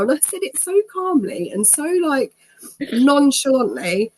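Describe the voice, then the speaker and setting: Husky woman telling her story. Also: high voice, big pitch swings, moderate pace, a little mellow. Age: 30s. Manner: chatty, laughs often, acts out what people said. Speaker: interview guest. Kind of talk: personal storytelling in an interview.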